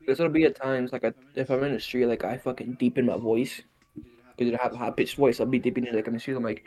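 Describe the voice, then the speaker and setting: A man's voice: medium pitch, steady tone, fast talker, darkish tone. A young man co-hosting a podcast, joking and swearing in loose storytelling banter. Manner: bilingual, slips into Spanish. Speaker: podcast co-host. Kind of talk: casual chat.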